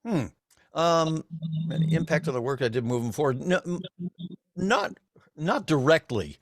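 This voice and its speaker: A man's voice: fairly high pitch, lively intonation, unhurried, no room sound, studio quality. A middle-aged man, a voice actor, telling stories as a guest on a video call, with many restarts and laughs. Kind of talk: casual convention interview.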